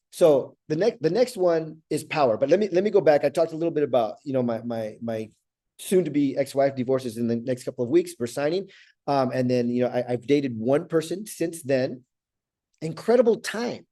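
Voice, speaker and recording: An earnest middle-aged man talks through a motivational coaching session, stumbling over and repeating words and asking "right?" as he goes. His voice sits a little high for a man, with a warm, mellow tone. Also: expressive, moderate pace. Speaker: life coach.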